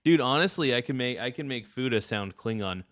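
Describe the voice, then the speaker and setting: A man's voice: mid-range voice, lively intonation, fairly quick, a bit bright, no echo, studio quality. A man hosting a livestream, chatting casually and crudely while thanking viewers for gifts. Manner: rambling, joking, crude. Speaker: livestream host.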